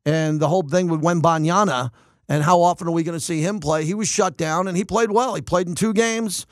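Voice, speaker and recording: A man hosting a sports talk radio show, delivering an energetic, opinionated monologue and thinking aloud with restarts. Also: on the high side, brisk, dry recording, clean studio sound.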